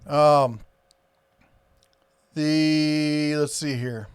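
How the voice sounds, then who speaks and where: A man with a plain Iowa accent talks casually on a live stream, reading out viewer comments and drifting between topics. His voice sits a little high, and his speech is loose and full of fillers. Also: steady tone, extremely slow, clean tone. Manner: rambling, reads viewer comments aloud, frequent fillers.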